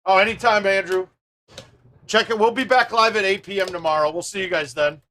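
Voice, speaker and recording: A man hosting a live stream, chatting casually with viewers and thinking out loud as he plays a golf game. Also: sits high, steady tone, fairly quick, slight background noise.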